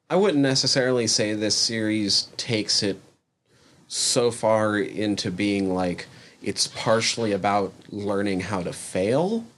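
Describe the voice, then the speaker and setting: Brief: male podcast co-host, low-pitched voice, relaxed and analytical in casual chat.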